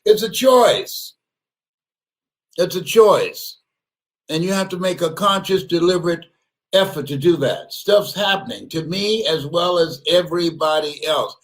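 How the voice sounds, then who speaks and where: A man giving an animated motivational speech, often laughing, repeating words and bursting into shouts. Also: high-pitched. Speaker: motivational speaker.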